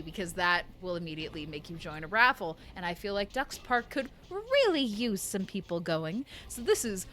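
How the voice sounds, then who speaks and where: Young woman streamer, bright, lively pitch, unhurried chat to viewers, faint room noise. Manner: chatty, reads chat aloud, bursts of laughter. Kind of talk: live game stream chat.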